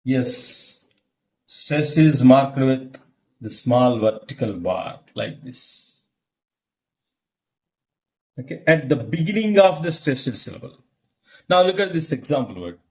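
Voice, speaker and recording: Teacher guy, middle aged, talks slow, keeps checking you get it. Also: mid-range voice, very animated, darkish tone. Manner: slow, repetitive, checks understanding often. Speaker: English lecturer. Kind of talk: classroom-style teaching.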